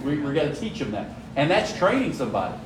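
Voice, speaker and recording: A man's voice: a little high, big pitch swings, fast talker, a little hiss or hum. A man leading a conversational Bible study, telling stories and often checking in with his listeners. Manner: storytelling, frequent "right?" check-ins. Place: church room. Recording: echoey room from far off.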